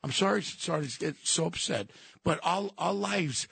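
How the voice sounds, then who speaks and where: A man calling in by phone as a regular guest on a talk radio show, ranting with passion and often shouting. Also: a little high, normal speed, creaky, slightly rough, dry recording. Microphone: telephone.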